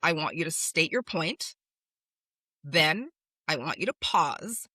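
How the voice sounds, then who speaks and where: Woman, podcast host, coaching monologue, low-ish voice, dry close sound, emphatic. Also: lively intonation, takes it slowly, bright, forceful tone, no room sound. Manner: emphatic, instructive, repeats commands. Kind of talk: direct-address coaching monologue.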